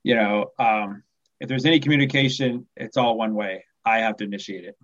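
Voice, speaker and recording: A man in his forties, a podcast guest, speaking softly in casual chat and trailing off at the ends of phrases. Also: fairly low pitch, a little fast, highs cut off. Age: 40s.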